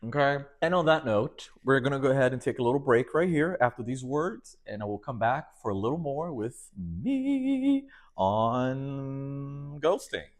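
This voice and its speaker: A man's voice: mid-range voice, very animated, unhurried. Sassy campy man hosting a podcast. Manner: sassy, campy, laughs often, calls listeners baby and honey. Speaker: podcast host. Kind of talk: casual solo podcast monologue.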